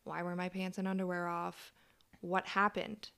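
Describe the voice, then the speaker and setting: A woman's voice: on the low side, little pitch movement, moderate pace, creaky, fairly bright tone, smooth. A young woman in her twenties, an interview guest, telling her story plainly and matter-of-factly. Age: 20s. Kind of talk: personal account in an interview.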